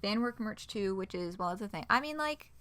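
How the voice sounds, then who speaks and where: A woman's voice: mid-range voice, expressive, fairly quick, fairly bright tone. A woman streamer reading a fan project announcement aloud, breaking off for playful, dry asides.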